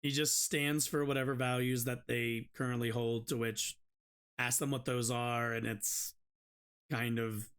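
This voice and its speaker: A man's voice: mid-range voice, flat delivery, a little slow, fairly bright tone, smooth. A man hosting a live-streamed political debate in casual commentary, rambling with many restarts and fillers.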